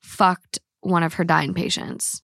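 A woman's voice: on the low side, level tone, slow, vocal fry, a bit bright, no room sound, clean studio sound. A young woman hosting a podcast, chatting casually and laughing easily, often tearful when she talks about her worries. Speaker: podcast host.

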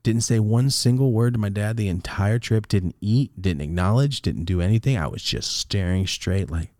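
A young man hosting a podcast, telling a personal story in casual chat, animated, jumping from loud high bursts to low mutters. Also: normal speed, no echo, studio quality. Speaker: podcast host.

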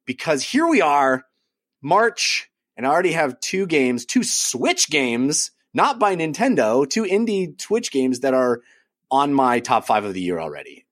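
A man hosting a gaming podcast, reading an ad and then talking about a game, enthusiastic and rambling with lots of fillers. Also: mid-range voice. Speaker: podcast host. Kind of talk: casual talk and ad read.

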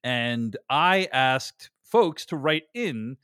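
A man's voice: mid-range voice, expressive, extremely slow, fairly bright tone, clear, resonant tone, dry recording, clean studio sound. A man hosting a casual film podcast, talkative and prone to restarts while he reasons aloud. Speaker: podcast host.

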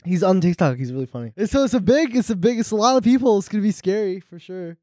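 A man hosting a casual podcast in a fairly high voice, rambling and self-deprecating with frequent laughs at himself. His voice sounds dry and close, with no room echo. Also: lively intonation, fast, warm tone. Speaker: podcast host. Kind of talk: casual chat.

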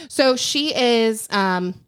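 A young woman with a somewhat high voice chats casually on a podcast. She tells gossip at length and trails off hunting for names. Her talk is loose and conversational. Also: expressive, extremely slow, clean tone. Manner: gossipy storytelling, searches for names. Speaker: podcast co-host. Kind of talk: casual chat.

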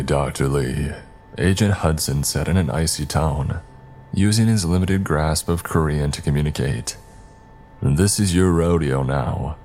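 A man narrating a scary story in a steady, even storytelling manner. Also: very deep voice, a little hiss or hum. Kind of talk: scripted narration.

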